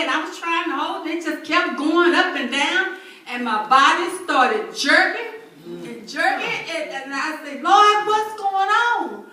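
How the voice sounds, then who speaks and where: High, impassioned woman pastor in her sixties. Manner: impassioned, swings from near-shouting to soft storytelling. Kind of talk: sermon testimony. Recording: echoey sanctuary from far off.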